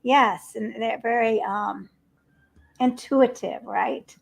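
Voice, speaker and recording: A woman's voice: on the high side, fairly even intonation, takes it slowly, gravelly. A woman hosting a casual livestream chat, telling stories with frequent laughter over a video call. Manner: chatty storyteller, laughs often.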